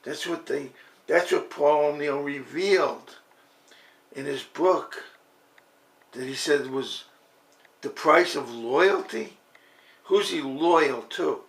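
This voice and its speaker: A man with a fairly high voice rants with insistent emphasis, circling back to the same points and checking in with "okay?" as he goes. The sound is roomy and echoey. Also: slow pace, creaky, pauses often. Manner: emphatic, repetitive, keeps asking "okay?". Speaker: commentator. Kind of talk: impassioned political rant.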